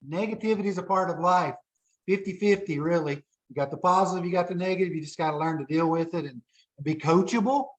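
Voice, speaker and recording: A man's voice: high-pitched, highs cut off. A man hosting a training call, upbeat and encouraging as he hands off to speakers. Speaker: call host.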